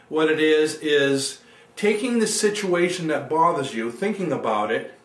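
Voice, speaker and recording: An NLP coach with a fairly high voice gives an instructional self-help talk, guiding listeners through each step of an exercise. He's recorded from a distance in a room with noticeable echo.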